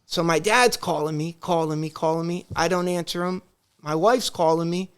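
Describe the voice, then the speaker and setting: Brief: man, high voice, animated storyteller on a podcast. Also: normal speed, clean tone. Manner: animated, acts out family dialogue. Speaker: podcast guest. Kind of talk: casual storytelling.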